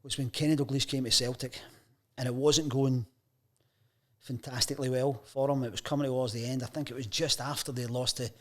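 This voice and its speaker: With a brisk, medium-pitched voice, a Scottish man in his fifties swaps lively stories as a sports journalist guest on a chat show. He keeps it casual and acts out the voices of the people he mentions.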